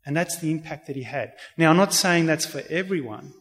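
A man's voice: a little high, animated, a little fast, a bit bright. Earnest man in a reverberant room. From Australia. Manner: earnest storyteller, many restarts. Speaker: interview guest. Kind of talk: personal faith testimony. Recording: reverberant hall sound.

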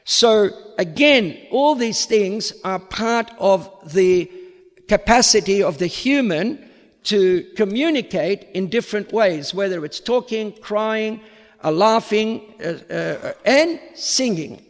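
This unhurried public lecture comes from a high-voiced priest whose Australian accent has a faint American tinge. His intonation is lively, he frequently repeats a word while finding the next, and a hall's long reverb surrounds him.

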